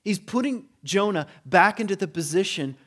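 A man delivering a relaxed, conversational sermon at a slightly higher pitch than most men. He tells the story with humor and dips into quick impressions of the characters as he goes. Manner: animated storytelling, acting out quoted voices with humor. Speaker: preacher.

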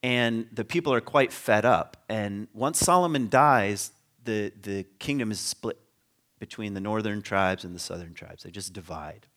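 Speaking on the low side with a fairly bright tone and a measured pace, a man gives a relaxed lesson on biblical history. He keeps it conversational, laughs a lot, asks listeners rhetorical questions, and trails off into restarts.

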